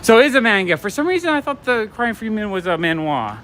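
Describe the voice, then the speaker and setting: A man's voice: sits high, very animated, fast, fairly bright tone, a little hiss or hum. A man hosting a live stream while walking outdoors at night. He chats casually and enthusiastically, with lots of fillers and restarts. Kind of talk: casual rambling chat. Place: city street at night, outdoors. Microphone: handheld phone or camera while walking.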